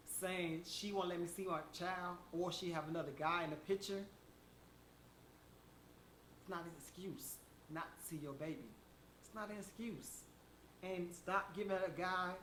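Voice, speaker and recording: Guy preaching motivation at you, kinda high voice, pushy and emphatic, echoey room. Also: fairly bright tone, a little hiss or hum. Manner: emphatic, preachy, addresses listeners directly. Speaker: motivational speaker. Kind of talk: motivational monologue. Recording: echoey room with faint background ambience.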